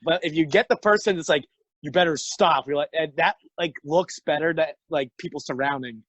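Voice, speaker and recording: Young male podcast co-host, slightly high voice, dry close mic, loose and laughing storyteller. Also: a little fast, a bit bright, no room sound, lo-fi sound. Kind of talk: casual chat.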